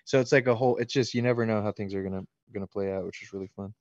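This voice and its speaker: A man's voice: on the low side, fairly even intonation, rapid-fire, darkish tone, no echo, dull audio. A man in his thirties answering fan questions about his book, rambling casually with plenty of likes and ums. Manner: loose and rambling, many likes and ums, laughs easily. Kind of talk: casual interview chat.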